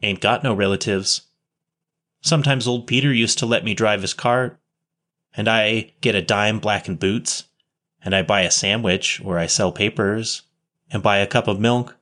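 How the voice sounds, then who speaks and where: A man's voice: fairly low pitch, moderate pace, a bit bright, close to an everyday voice. A man doing a slangy ragged street boy. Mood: plain, wary. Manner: rough slangy dialect, double negatives. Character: ragged, shy street boy, near twelve.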